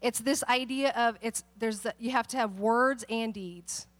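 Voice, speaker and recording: A woman's voice: fairly high pitch, unhurried. A woman pastor giving a conversational sermon, telling stories and acting out the people in them. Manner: animated storytelling, acts out quoted people.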